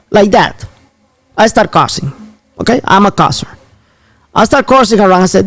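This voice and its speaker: Man, host, high voice, excitable storyteller, dry sound. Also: moderate pace, pauses often, no room sound. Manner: excitable, animated storyteller, repeats himself. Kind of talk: casual storytelling.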